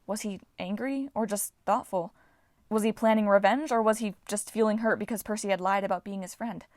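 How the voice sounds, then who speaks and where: Woman reading a book out loud, steady storytelling, mid voice, dry close mic. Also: mid-range voice, brisk, no echo. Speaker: audiobook reader. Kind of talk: reading a novel aloud.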